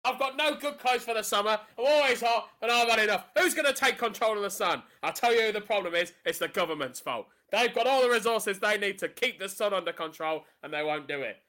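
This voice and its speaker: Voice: mid-range voice, animated, brisk, hardly any pauses, sharp tone. An indignant, fed-up woman caller, as the weather presenter puts her on in an improv comedy game. She rants in a grumbling, put-upon tone. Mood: ranting. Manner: indignant ranting.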